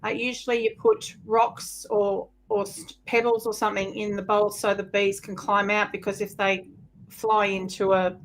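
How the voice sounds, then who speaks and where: A woman's voice: medium pitch, little pitch movement, normal speed, low-quality recording. A woman guest on a live chat, explaining practical tips in a casual way.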